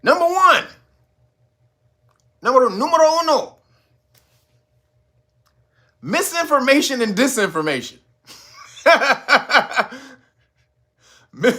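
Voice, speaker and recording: A man hosting his own channel, giving loose, profane commentary and laughing often as he talks. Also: sharp tone. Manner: mocks a stiff, slow talker in a low voice. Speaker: channel host. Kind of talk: casual commentary video.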